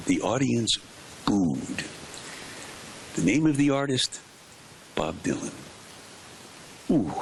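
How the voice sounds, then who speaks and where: Older man with a deep, gravelly voice. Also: slight background noise. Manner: punchy, dramatic storyteller with emphatic pauses. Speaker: veteran radio DJ, interview guest. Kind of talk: anecdotal storytelling in an interview.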